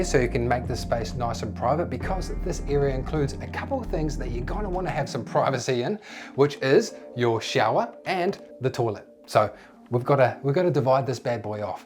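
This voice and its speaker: A man hosting a tiny home tour vlog, chatty and upbeat as he walks through the rooms. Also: medium pitch. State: a little out of breath.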